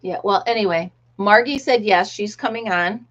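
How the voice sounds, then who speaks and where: A woman's voice: medium pitch, normal speed, a bit bright. A middle-aged American woman hosting a casual live chat, reading viewer comments aloud and laughing often. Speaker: livestream host. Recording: dull lo-fi livestream audio.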